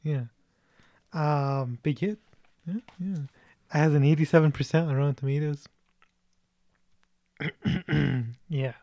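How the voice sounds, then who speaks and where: A man's voice: on the high side, takes it slowly, long pauses, warm tone, dry recording. A man in his twenties hosting a casual movie chat, chatty, with lots of fillers and laughter. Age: 20s. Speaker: movie reaction host.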